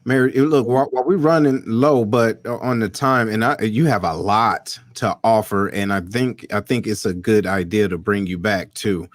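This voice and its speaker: A man's voice: lowish voice, normal speed, hardly any pauses, dry recording, clean studio sound. A man hosting an interview, affirming his guest and repeating phrases for emphasis. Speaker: podcast host. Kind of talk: conversational interview.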